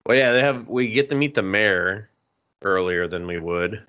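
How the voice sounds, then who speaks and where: Sarcastic, swearing podcast host. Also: male voice, fairly low pitch, animated, normal speed, fairly bright tone, smooth, dull audio. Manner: swearing, sarcastic, laughs often. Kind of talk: casual chat.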